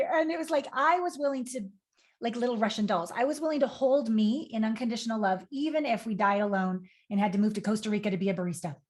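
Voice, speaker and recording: A woman's voice: on the high side, darkish tone. A woman in casual podcast conversation as a guest, talking openly and expressively and swearing casually. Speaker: guest, intimacy expert.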